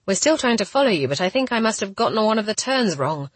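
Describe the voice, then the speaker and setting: A woman's voice: mid-range voice, very animated, quick pace, slightly rough, no echo. A woman voicing an anxious young female friend who speaks with urgent worry. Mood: hurried.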